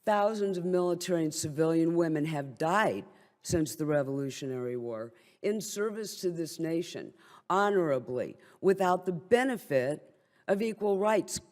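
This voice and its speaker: A woman's voice: on the low side, animated, a little slow, darkish tone. An older woman who is a military veteran gives an impassioned, blunt and wryly indignant speech at a briefing. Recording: long hall reverb.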